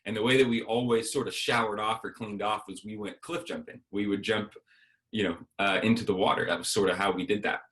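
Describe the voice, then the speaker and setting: A man's voice: on the low side, steady tone, fairly quick, fairly bright tone. A man giving a sermon as a guest speaker, telling a personal story and acting out the dialogue.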